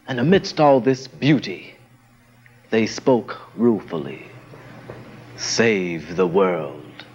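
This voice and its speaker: A man's voice: medium pitch, slightly rough. A man reciting spoken word poetry with a dramatic delivery that swells and drops. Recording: dull lo-fi vintage recording.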